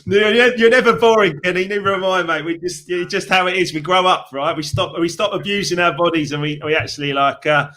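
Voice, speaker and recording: A man's voice: a little high, fairly quick, few pauses, sharp tone. A middle-aged man hosting an interview, openly emotional and encouraging, calling his guest "mate". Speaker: host. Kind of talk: casual interview chat.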